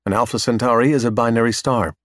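A man voicing a calm, analytical male robot explorer in a science fiction audiobook, speaking in a measured, reasoning way. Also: medium pitch, no echo, studio quality, natural voice.

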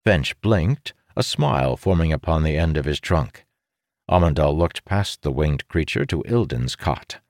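A man narrating a fantasy story in a measured, steady way. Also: extremely low pitch, dry recording, clean studio sound. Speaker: audiobook narrator. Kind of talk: scripted narration.

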